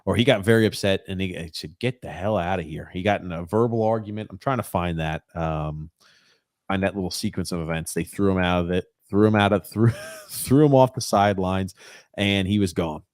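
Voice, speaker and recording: A man co-hosting a casual sports podcast, animated and profane, teasing his partner and reading out listener comments. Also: sits low, brisk, no room sound, studio quality. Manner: animated, swings from loud excited jabs to mumbling while reading. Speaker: podcast co-host.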